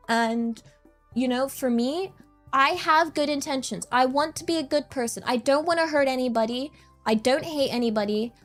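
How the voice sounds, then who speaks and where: A woman with a high voice chats casually to her stream. She talks softly and rambles, often laughing at herself. Faint music plays quietly behind her. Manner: soft, rambling, self-deprecating, with frequent laughs.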